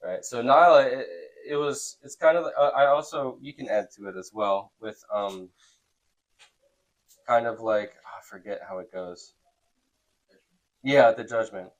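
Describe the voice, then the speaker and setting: US man, youth teacher, chatty, keeps asking "okay?", mid pitch. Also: unhurried, rough recording. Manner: conversational, checks in with "okay?" often. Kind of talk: Bible class teaching.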